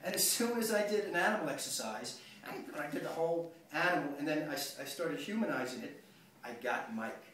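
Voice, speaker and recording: Male acting coach, rambling lecture, slightly high voice, roomy and off-mic. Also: expressive, fairly quick, fairly bright tone. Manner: rambling, conversational, self-interrupting. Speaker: acting teacher. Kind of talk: workshop lecture. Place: workshop room. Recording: echoey room, distant mic, faint noise.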